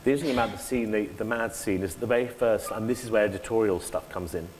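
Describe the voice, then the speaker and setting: A man's voice: fairly low pitch, fast. A man, an actor, talking animatedly about his stage work in a public conversation, often breaking off and acting out lines. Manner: animated, self-interrupting, acts out quoted lines. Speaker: actor, interview guest. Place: lecture hall before an audience. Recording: echoey hall with faint noise.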